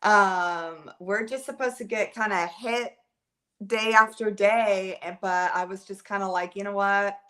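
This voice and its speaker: A woman with a mid-range, slightly bright voice talks at an unhurried pace. She's a livestream host chatting casually from home with her viewers, rambling and leaning on plenty of filler words, filmed by a camera set on a holder.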